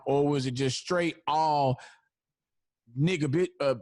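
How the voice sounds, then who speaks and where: A man's voice: on the high side, animated, unhurried, darkish tone, no echo, clean studio sound. A man hosting a podcast, joking and reacting in casual chat. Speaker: podcast host.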